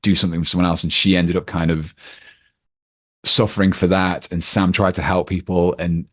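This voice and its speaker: A man's voice: low voice, little pitch movement, normal speed, a bit bright. A man talking casually about a film as a podcast guest, with lots of fillers and restarts. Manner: rambling, many fillers and restarts.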